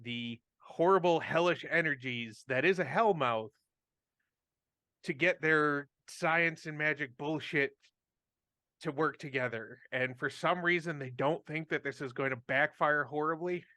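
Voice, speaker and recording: A man running a tabletop game in casual chat, quick and wry. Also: a little high, sharp tone, dry recording.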